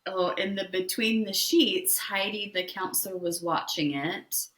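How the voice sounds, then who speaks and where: A woman's voice: mid-range voice, unhurried, fairly bright tone. A woman co-hosting a podcast, chatting casually with rambling enthusiasm. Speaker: podcast co-host. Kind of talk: casual chat recapping reality TV. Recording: echoey room.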